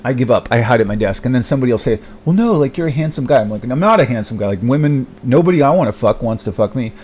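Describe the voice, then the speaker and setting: A man's voice: mid-range voice, racing, a little mellow, a little hiss or hum. Hesitant young man rambling alone. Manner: hesitant, many fillers and restarts, self-deprecating, swears often. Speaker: vlogger. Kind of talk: rambling personal monologue.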